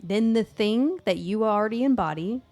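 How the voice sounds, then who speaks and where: A woman co-hosting a podcast who affirms her guest warmly, jokes playfully and swears now and then. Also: mid-range voice, lively intonation, normal speed. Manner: playful and affirming, swears, bursts into laughing banter. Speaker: podcast co-host. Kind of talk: candid conversational chat.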